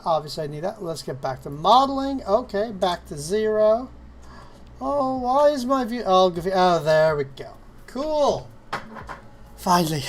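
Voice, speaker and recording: A woman streaming casually as she works, talking herself through steps and chatting to her cat. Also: medium pitch. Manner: slow, self-talking, talks fondly and exasperatedly to her cat. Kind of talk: casual live-stream chat while 3D modeling.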